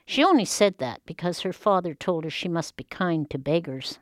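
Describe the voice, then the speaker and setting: Expressive woman telling a folk tale. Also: fairly low pitch, no room sound, clean studio sound. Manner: expressive, slow dramatic pauses. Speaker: storyteller.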